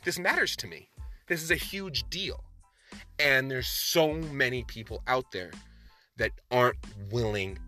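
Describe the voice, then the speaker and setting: A man's voice: lowish voice, sharp tone. A man hosting a solo podcast, talking with passion and emphasis, often restarting his sentences. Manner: passionate, emphatic, talks fast with many restarts. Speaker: podcast host.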